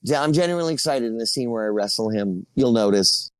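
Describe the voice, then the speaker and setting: A middle-aged guest actor on a casual podcast tells long, rambling stories, laughing between them. His medium-pitched voice is animated and quick-paced, with a clean tone on a dry recording.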